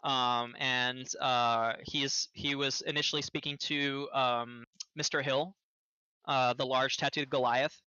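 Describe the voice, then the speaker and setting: A man describing his character's actions in a tabletop game, halting with frequent pauses and restarts. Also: mid-range voice, steady tone, bright, forceful tone, smooth, dry recording, highs cut off. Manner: halting, lots of ums and restarts. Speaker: player.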